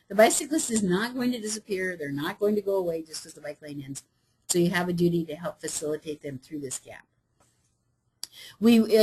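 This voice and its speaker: Husky-voiced woman giving a conference talk. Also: mid-range voice, darkish tone, poor audio. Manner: conversational, with fillers and asides. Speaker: state transportation official presenting. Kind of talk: conference presentation.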